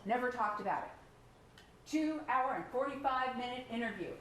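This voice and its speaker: The prosecutor, a woman whose voice sits on the high side, argues at normal speed in her closing to the jury, forceful and full of rhetorical questions. Faint background noise and echo mark the courtroom sound.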